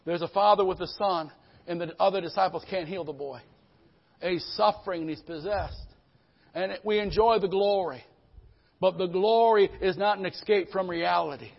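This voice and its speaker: A man preaching a fervent live church sermon as pastor, often calling out for amens from the congregation. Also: high-pitched. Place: church service. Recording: dull lo-fi live stream audio.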